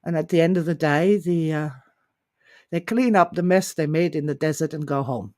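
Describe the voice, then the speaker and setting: A woman hosting her own show, telling a story in a musing, unhurried way with frequent restarts. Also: deep voice, a little mellow, no echo, clean studio sound. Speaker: host. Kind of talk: storytelling talk.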